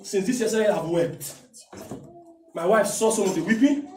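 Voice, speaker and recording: A man with a Nigerian accent preaching a sermon, shouting key lines and slowing down to stress them. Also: high-pitched, reverberant, far from the mic, soft background music. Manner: impassioned preaching, shouts and slows down for emphasis. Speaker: pastor.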